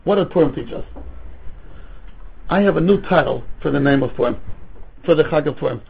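The recording is tinny, like a phone line, as a rabbi with a fairly high, gravelly, husky voice briskly teaches a Talmud class. He lectures in an animated way with stories and rhetorical questions, weaving Hebrew and Yiddish terms into his English.

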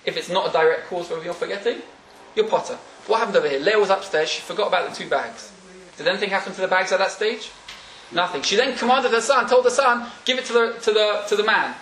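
A man's voice: high voice, lively intonation, fast talker, a bit bright, slight background noise. A man teaching a Talmud class in a classroom, often questioning his students and laughing as he explains. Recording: echoey room.

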